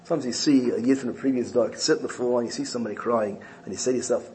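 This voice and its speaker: Earnest male speaker for a sermon, storytelling, mid pitch, faint background noise. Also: very fast, warm tone, rough recording. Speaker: speaker giving a religious talk.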